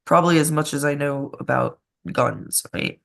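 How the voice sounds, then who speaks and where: A woman's voice: deep voice, normal speed, creaky, a bit bright. A woman co-hosting a casual conspiracy talk show, chatty and laughing often as she jumps between topics. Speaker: podcast co-host.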